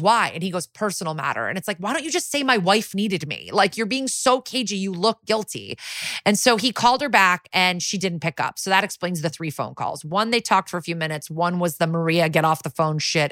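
In a clean studio recording with no room sound, a lowish-voiced woman co-hosting a podcast runs through a TV episode. Her recap is lively, casual and profane, dotted with quick performances of the characters' lines.

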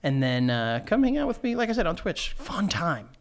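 A man's voice: fairly high pitch, normal speed. A young adult man co-hosting a podcast, chatting casually with jokes and mock outrage. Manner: joking, animated, mock outrage. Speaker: podcast co-host and streamer. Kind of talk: casual chat.

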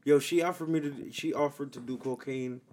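Loud, emphatic man in casual chat. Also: medium pitch, steady tone, normal speed. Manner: loud, swearing, emphatic, repeats himself. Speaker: podcast co-host.

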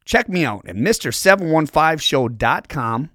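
A man hosting a casual podcast, loud, profane and rambling. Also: fairly high pitch, animated, moderate pace. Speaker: podcast host.

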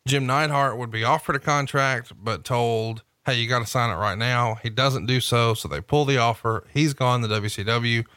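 A man's voice: medium pitch, fairly even intonation, moderate pace, few pauses, pushed and bright, no echo, studio quality. A man hosting a casual podcast chat, recapping events and asking teasing questions. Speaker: podcast host.

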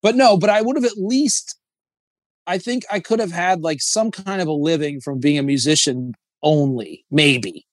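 A man talking as a comedian guest on a podcast, rambling and swearing, breaking into high sung bits. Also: normal speed, no room sound, clean studio sound. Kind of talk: casual podcast chat.

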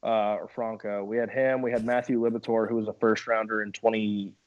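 Laid-back young man, low voice. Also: little pitch movement, brisk, no room sound, phone-quality sound. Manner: laid-back, many fillers, laughs often. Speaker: minor league baseball pitcher, guest. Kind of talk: casual podcast chat.

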